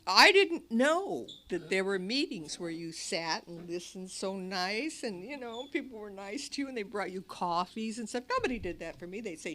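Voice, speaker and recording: A woman's voice: medium pitch, very animated, measured pace, bright, forceful tone. A woman telling her recovery story to an audience in a meeting hall, animatedly acting out her past cries and other people's lines. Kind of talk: personal recovery talk to an audience.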